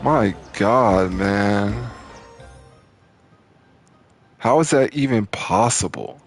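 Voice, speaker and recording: A man's voice: fairly low pitch, extremely slow, soft background music. A man ranting in exasperation over his gameplay, swearing and repeating his complaints. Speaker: gaming channel host. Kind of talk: frustrated gameplay commentary.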